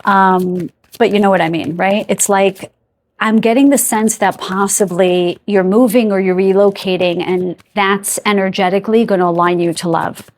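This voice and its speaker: A woman's voice: medium pitch, steady tone, normal speed. A woman giving an intuitive tarot reading to camera, chatty and searching for words aloud, stopping to ask her spirit guides for messages. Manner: talks to spirit guides between remarks. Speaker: tarot card reader.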